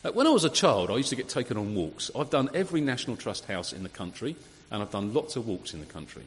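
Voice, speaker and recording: A man preaching a sermon, conversational and lively, full of rhetorical questions. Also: mid-range voice, fast, slight background noise. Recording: long hall reverb.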